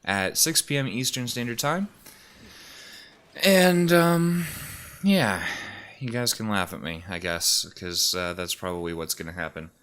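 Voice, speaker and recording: A man's voice: deep voice, fairly quick, hardly any pauses, sharp tone, clean tone. A man talking casually into his mic in a room at home, rambling with lots of fillers and restarts, a little out of breath and sniffly. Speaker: YouTuber and streamer. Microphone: desk mic.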